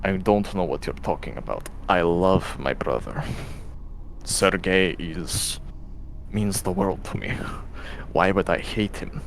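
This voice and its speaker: A man voicing a proud, embattled human warrior who shouts back in bitter defiance. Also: low voice, takes it slowly, vocal fry, a little hiss or hum, pitched below the performer's own voice, heavily acted. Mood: defensive.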